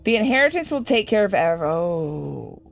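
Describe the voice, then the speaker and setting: A woman's voice: lowish voice, very animated, moderate pace, vocal fry, loud music behind the voice. A young woman hosting a horror game playthrough, reading the game text aloud with joking asides. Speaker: gaming video host. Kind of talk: casual let's-play commentary.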